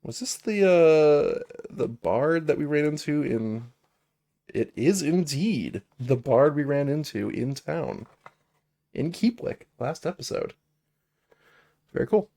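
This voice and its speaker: Man narrating a solo board game stream, chatty, animated pitch, gravelly fry. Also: takes it slowly. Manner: chatty, reads game cards aloud, laughs at himself. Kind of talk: casual live-stream play-through.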